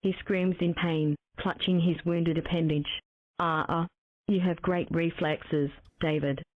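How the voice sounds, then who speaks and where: A woman's voice: on the low side, fairly even intonation, unhurried, no echo. Tinny synthetic woman narrator. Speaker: text-to-speech game narrator. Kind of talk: synthetic reading of game text. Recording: tinny phone-like dry sound.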